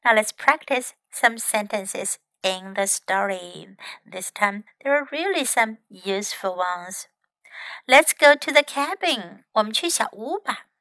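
A woman English teacher reading a children's story aloud and teaching sentences, slow and clear. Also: medium pitch, lively intonation, sharp tone, dry recording, poor audio. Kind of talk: bilingual storybook narration and lesson.

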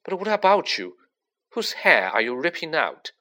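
A man's voice: on the high side, sing-song, moderate pace, pushed and bright, pitched above the performer's own voice. A man reading an audiobook, voicing a reluctant, exasperated teenage schoolboy wizard. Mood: grudging. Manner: grudging, then pointed questions. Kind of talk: audiobook character voice.

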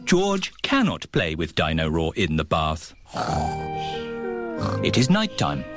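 A man's voice: deep voice, huge pitch swings, slow pace. A man narrating a children's cartoon in a plain storybook manner. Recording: music underneath.

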